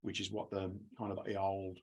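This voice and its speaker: A low-pitched Australian man with a husky edge to his voice, giving an education webinar over a video call. He tells stories in an easygoing, chatty way and laughs now and then. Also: monotone, moderate pace. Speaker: education presenter. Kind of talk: webinar talk with storytelling.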